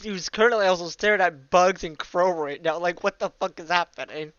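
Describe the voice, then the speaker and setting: A player in a tabletop game, speaking quickly and bluntly. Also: medium pitch, a bit bright, smooth, dry recording, muffled recording.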